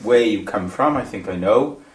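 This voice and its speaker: Male interviewer, fairly low voice, friendly prompting questions, echoey room. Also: expressive, normal speed. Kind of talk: oral history interview. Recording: roomy sound.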